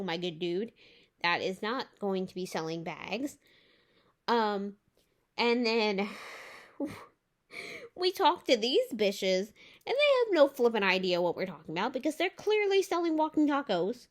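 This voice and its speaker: Young woman, vlogger, casual rant, exasperated, swears, lots of fillers. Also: medium pitch. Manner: exasperated, swears and says "like" often.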